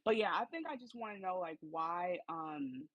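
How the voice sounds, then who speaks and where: A woman's voice: on the low side, lively intonation, moderate pace, no echo, dull audio. A woman co-hosting a podcast, reacting to a TV episode with incredulous, emphatic commentary. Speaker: podcast co-host. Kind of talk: casual TV recap chat.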